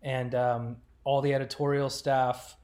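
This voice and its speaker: A man in his thirties from Rochester, New York, a podcast guest talking about his career in a relaxed, rambling way with many fillers. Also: mid-range voice, unhurried. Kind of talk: casual chat.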